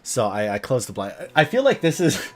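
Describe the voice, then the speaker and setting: A man's voice: mid-range voice, huge pitch swings, brisk. A tired man hosting a livestream in casual chat, rambling and self-deprecating. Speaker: livestream host.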